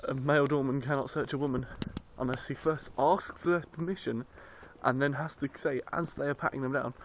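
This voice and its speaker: A man's voice: mid-range voice, fairly even intonation, a little fast, hardly any pauses. A young man, vlogging casually into his phone, rambling and swearing as he tells a story. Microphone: handheld phone. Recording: noisy street recording on a phone.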